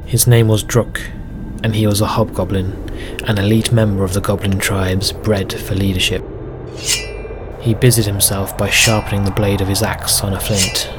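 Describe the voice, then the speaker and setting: Flat, low-voiced male storyteller. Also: normal speed. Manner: steady, even storytelling. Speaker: game master and narrator. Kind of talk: scripted narration of a solo tabletop game. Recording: music bed under narration.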